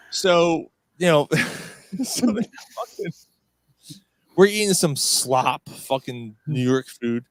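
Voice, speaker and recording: A foul-mouthed man tells a wild story in loose, animated chat, cursing at every turn and laughing along. His voice sits a little high for a man. The recording is dry and close, with almost no room sound. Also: takes it slowly, no echo. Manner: animated, profane, swears constantly, laughs through the story. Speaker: podcast host.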